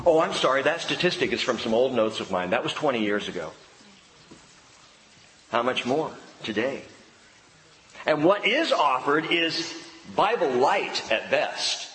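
A man preaching a sermon as a pastor, shifting from loud animated bursts to hushed, slow emphasis. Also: mid-range voice. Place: church hall. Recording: roomy hall reverb, faint background ambience.

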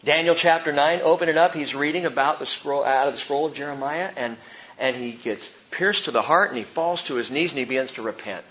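A man preaching a sermon as pastor, impassioned, jumping from loud outbursts to hushed tones. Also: a little high, a little fast, highs cut off.

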